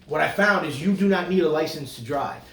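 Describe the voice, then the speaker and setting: A man co-hosting a podcast, swearing a lot and slipping into loud mocking impressions. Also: a little high, brisk, echoey room. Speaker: podcast co-host. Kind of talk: crude casual banter.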